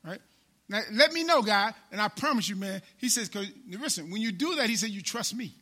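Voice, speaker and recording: A man preaching a sermon in call-and-response style. He repeats his phrases and swings between loud and soft. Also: high-pitched, expressive, a little fast.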